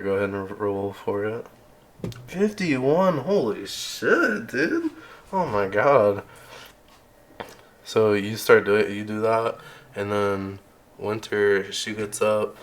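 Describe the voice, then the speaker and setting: A man narrating as game master in a casual, halting way with frequent restarts. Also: fairly low pitch, flat delivery.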